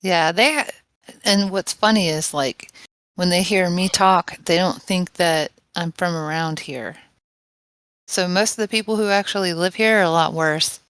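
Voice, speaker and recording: A woman's voice: fairly low pitch, unhurried, fairly bright tone, clear, resonant tone, no room sound. A woman from West Virginia with a country drawl, rambling and curious in a casual voice chat. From West Virginia, USA. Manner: rambling, curious, laughs often.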